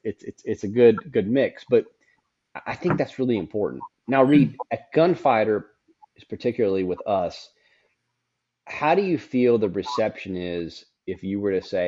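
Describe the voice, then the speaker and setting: A man's voice: lowish voice, animated, normal speed, warm tone. A middle-aged man hosting a casual conversation, frank and rambling, often repeating words as he goes. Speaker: podcast host. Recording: dull lo-fi sound.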